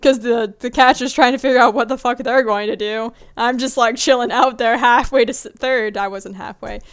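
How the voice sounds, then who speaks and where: This young vlogger, early twenties, spins casual stories chattily, acting out others' words and swearing occasionally. Her a-little-high voice is a bit bright, clear and resonant, with fairly even intonation and a moderate pace.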